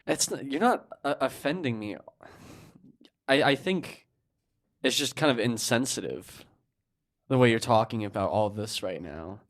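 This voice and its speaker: A man's voice: medium pitch, lively intonation, unhurried, long pauses. A man playing in a tabletop game, speaking in character with frustration. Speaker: player. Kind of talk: tabletop role-play in character.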